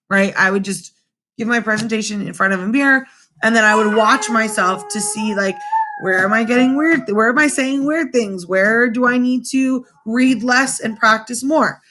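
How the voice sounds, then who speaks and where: A young woman teacher speaks to her students over a webcam at home, with a bright, forward tone. Her voice sits a little high and moves with animated emphasis. She keeps checking in with a quick "right?". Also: a little hiss or hum. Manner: animated, addresses students directly with frequent "right?". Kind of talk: remote classroom lesson. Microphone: computer webcam mic.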